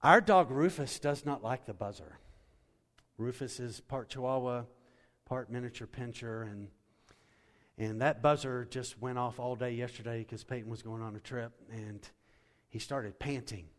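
A man's voice: mid-range voice, measured pace. Man preaching in a reverberant hall. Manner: preaching with wide swings from loud and soaring to hushed. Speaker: pastor. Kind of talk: sermon.

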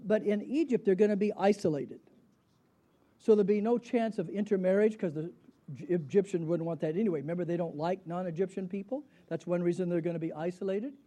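With a brisk delivery, a middle-aged Bible teacher talks conversationally to his class, raising questions and answering them himself. His voice is high and mellow.

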